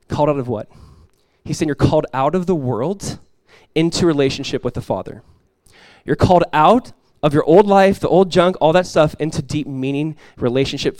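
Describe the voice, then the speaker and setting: Animated conversational male pastor. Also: on the high side, dry recording. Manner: conversational, animated storytelling with quoted voices. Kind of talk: sermon.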